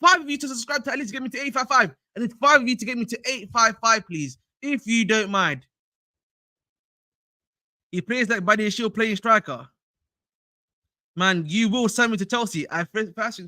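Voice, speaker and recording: Young man, high bright voice, slangy livestream chat, dry close sound. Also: no echo. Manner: slangy, excitable, chatty with chat. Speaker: fan channel livestreamer.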